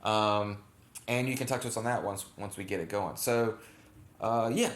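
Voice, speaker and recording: A man's voice: lowish voice, normal speed. A man co-hosting a casual reaction chat, rambling with lots of fillers and self-corrections. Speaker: channel co-host. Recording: echoey room.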